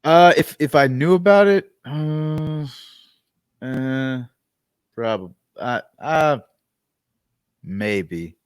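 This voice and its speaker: A man's voice: mid-range voice, very slow, long pauses, smooth, dry recording, studio quality. A man co-hosting a casual movie podcast, laid-back and hesitant, with many fillers. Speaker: podcast co-host.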